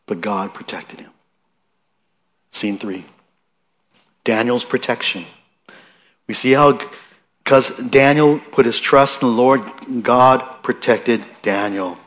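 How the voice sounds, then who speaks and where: A man with a mid-range, slightly bright voice preaches a conversational sermon, speaking slowly with frequent pauses. He asks his listeners questions, restarts his sentences often, and reads scripture aloud with building emphasis.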